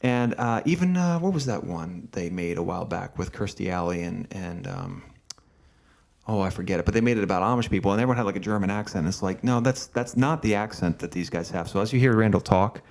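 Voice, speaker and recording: Rambling low-voiced podcast host. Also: male voice, big pitch swings, fairly quick, gravelly, darkish tone. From Berks County, Pennsylvania. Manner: rambling, many fillers and restarts. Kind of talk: casual interview hosting. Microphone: camera setup, host seen.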